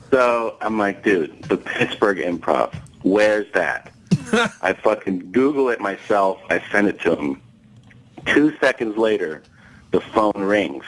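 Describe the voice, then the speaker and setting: Lively low-voiced male comedian telling a story. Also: unhurried, long pauses, a little hiss or hum, rough recording. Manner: animated, profane, acts out quoted dialogue, laughs mid-story. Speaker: guest comedian. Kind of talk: storytelling anecdote on a talk show.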